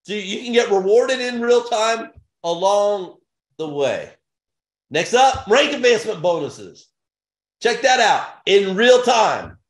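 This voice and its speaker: High-pitched guy hyping a business plan, fired up, repeats himself a lot, echoey room. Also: very animated, slow. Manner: hyped, repetitive, punchy short phrases. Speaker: sales presenter. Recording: roomy echo.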